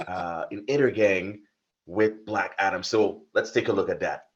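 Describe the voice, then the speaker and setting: A man's voice: deep voice, noisy background. Hesitant man host, dull lo-fi sound. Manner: halting, hesitant questions with fillers. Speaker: interview host. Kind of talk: casual interview questions.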